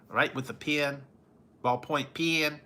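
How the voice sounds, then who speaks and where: A man's voice: mid-range voice, pushed and bright. A tired man rambling and chuckling as he chats casually with viewers on a late-night livestream. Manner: rambling, chuckling often, drawn-out slow delivery. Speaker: food reviewer chatting with live viewers.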